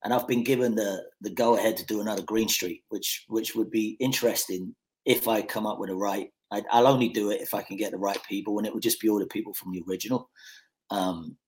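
A man from Scotland, an actor guest on a podcast, telling stories in a relaxed way with lots of fillers and restarts. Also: fairly low pitch, a little fast, slight background noise. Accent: mixed Scottish and English, Americanised. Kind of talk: casual podcast chat.

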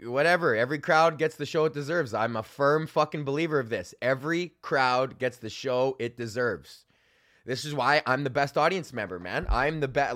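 A young man, a stand-up comic hosting his own podcast, ranting in a loose, profane, animated way and acting out what people said. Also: a little high, no echo, studio quality. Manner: animated, swears constantly, acts out quotes. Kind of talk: casual profane rant.

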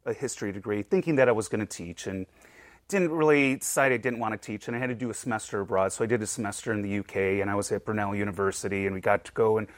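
A man who directs a museum's collections, giving relaxed, friendly interview answers that ramble a little with fillers. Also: fairly low pitch, fast, no echo, clean studio sound.

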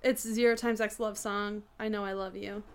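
A woman's voice: medium pitch, little pitch movement, normal speed, heavy background noise. A woman co-hosting a podcast in casual, self-mocking chat, laughing often. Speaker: podcast co-host.

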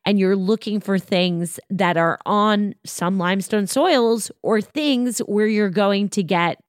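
A middle-aged woman hosting a wine podcast, explaining styles in a knowledgeable, opinionated way with quick asides. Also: medium pitch, no room sound, studio quality. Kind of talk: casual explanatory chat.

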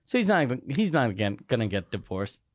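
A man's voice: medium pitch, big pitch swings, quick pace, no echo, studio quality. A man from City, co-hosting a podcast in blunt, joking casual chat. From Quebec City. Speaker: podcast co-host and comedian.

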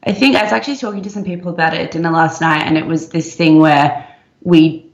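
A young woman co-hosting a podcast, chatting casually and emphatically, talking in quick bursts. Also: low-pitched, steady tone. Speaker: podcast co-host. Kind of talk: casual chat. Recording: muffled, roomy sound.

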